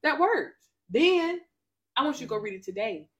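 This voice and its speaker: A woman co-hosting a casual faith podcast, talking in an animated, testifying way with quick interjections. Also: sits high, highs cut off. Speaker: podcast co-host.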